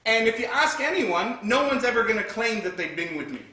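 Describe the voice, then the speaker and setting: A man's voice: sits high, very animated, a little fast, bright, forceful tone. A man giving a religious lecture, retelling scripture vividly and reciting Arabic verses between his English. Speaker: Islamic teacher. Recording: echoey hall from far off.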